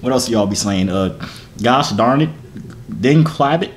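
A man's voice: mid-range voice, expressive, a little slow, slight background noise, lightly acted. Goofy southern guy hitting on girls on video chat , a man putting it on, medium voice. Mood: hammy. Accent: put-on Southern US country.

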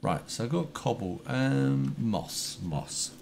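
A man's voice: medium pitch, expressive, takes it slowly, vocal fry, darkish tone. A man chatting casually while he plays and streams a game, thinking aloud with plenty of fillers. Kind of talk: casual chat while playing. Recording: noisy home stream audio.

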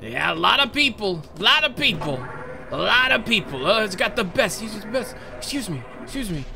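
A man's voice: high-pitched, big pitch swings, normal speed, vocal fry, voice pushed up, heavily acted. A man doing a brash boastful old politician. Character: impression of a brash boastful older male politician.

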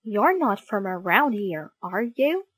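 A woman voicing a friendly, cheerful male French bulldog in a children's storybook, with bright, eager, sing-song lines. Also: mid-range voice, sing-song, slow pace, slightly rough, no room sound, full character voice.

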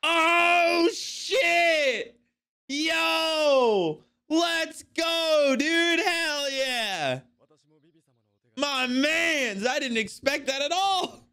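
A man reacting to an anime episode in casual commentary, excitable and swearing, exclaiming at the screen. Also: very high-pitched, extremely slow.

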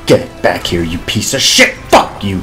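A man playing a video game and joking through his match, with loud, profane trash talk and mock-whiny theatrical bits. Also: deep voice, wildly swooping pitch, a little slow. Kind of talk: comic gameplay commentary. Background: background music.

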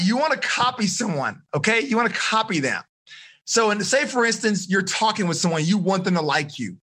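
A man working as a life coach, teaching a live seminar in an energetic, animated way and checking in with the audience often. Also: high voice. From United States. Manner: energetic, animated, addresses audience with frequent okay and like.

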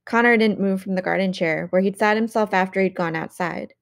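A woman narrating an audiobook in a measured, expressive reading. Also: medium pitch, gravelly. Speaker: audiobook reader.

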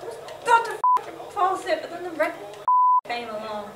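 A woman's voice: very high-pitched, sing-song, moderate pace. A young woman in casual chat while playing a football video game, giggly and swearing freely. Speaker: gaming video regular. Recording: roomy, distant mic, loud game noise.

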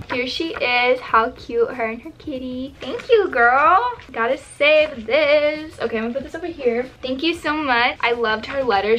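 A woman's voice: a little high, a bit bright, a little hiss or hum. A teenage girl vlogging as she opens fan mail, bubbly and gushing, with plenty of "like" fillers. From Texas. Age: teens. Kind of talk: casual mail-opening vlog.

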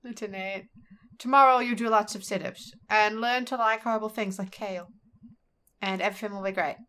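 A woman's voice: mid-range voice, steady tone, a little fast, fairly bright tone, smooth, lightly acted. A woman reading the part of an anxious young woman cat in a video game, fretful and self-deprecating. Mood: pep talk.

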